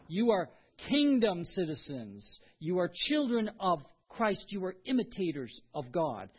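Earnest male pastor, higher voice, preaching in swells from hushed to emphatic. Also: slightly rough. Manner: earnest, swings between quiet lows and emphatic rises. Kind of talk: sermon. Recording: dull lo-fi sound.

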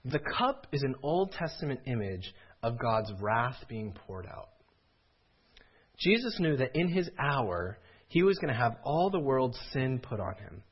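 A man delivering a sermon in a slightly husky voice whose pitch swings widely as he preaches. His manner is earnest, building to pleading cries. The recording sounds dull and a little lo-fi. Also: sing-song, a little slow. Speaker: pastor.

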